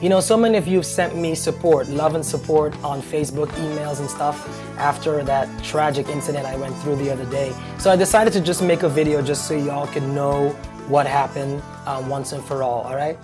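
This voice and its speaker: A man talking to camera, telling a personal story in a chatty, animated way, full of fillers and nervous laughs. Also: on the high side, fairly quick, music in the background. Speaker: vlogger.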